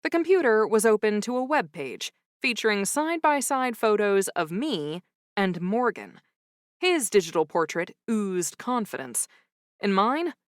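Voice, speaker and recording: A woman narrating a cozy audiobook in first person with a wry, expressive storytelling manner. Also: mid-range voice, no room sound. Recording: dry close studio sound.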